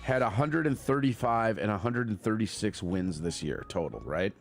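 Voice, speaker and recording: A man's voice: on the low side, expressive, moderate pace, faint music behind. A man hosting a podcast, chatting casually in a loose, profane, joking way, sounding a bit congested. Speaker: podcast host. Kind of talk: casual chat.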